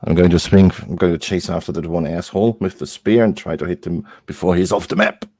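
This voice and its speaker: Deep-voiced man joking at the game table. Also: steady tone, a little fast, dark tone. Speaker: player. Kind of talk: casual table talk as a player.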